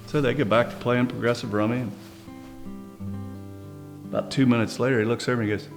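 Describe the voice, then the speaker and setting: Guy telling a story about his grandpa, easygoing, stops and restarts, bit of quiet guitar behind. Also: mid-range voice, brisk. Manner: relaxed, conversational, with small restarts. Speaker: grandson sharing a family memory. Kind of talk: interview storytelling.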